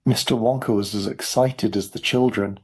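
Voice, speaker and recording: Clear, measured male storybook narrator. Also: on the low side, steady tone. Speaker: audiobook narrator. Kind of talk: scripted narration for English learners.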